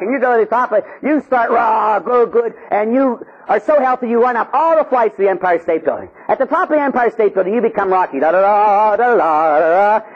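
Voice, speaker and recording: A Catholic priest preaching an animated, jokey sermon, acting out little scenes for his listeners. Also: high-pitched, slightly rough, lo-fi sound. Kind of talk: lively sermon with acted-out stories.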